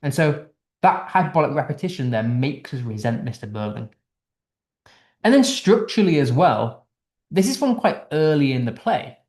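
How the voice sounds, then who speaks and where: A man's voice: on the high side, sing-song, normal speed, darkish tone, reverberant. A man teaching English literature in a casual online lesson, explaining a text line by line in a chatty way with restarts, from the United Kingdom.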